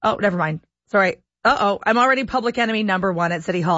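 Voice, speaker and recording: A woman's voice: mid-range voice, lively intonation, a bit bright, dry recording. A woman hosting a radio show, teasing and joking through casual chat and handing over to the weather and traffic. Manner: playful, quick-witted. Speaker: radio host. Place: radio studio. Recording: dull lo-fi radio broadcast.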